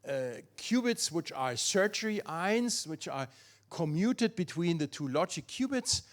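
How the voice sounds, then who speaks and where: An older man with a German accent, giving an academic physics lecture and thinking aloud, with many fillers and restarts. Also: fairly high pitch.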